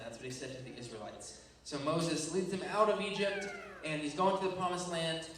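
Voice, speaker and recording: A man leads a playful kids' Bible lesson, his higher voice animated as he keeps checking in with the room. He sounds far from the mic, with heavy echo all around. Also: brisk, slight background noise. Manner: animated, playful storytelling with frequent check-ins. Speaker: Bible teacher.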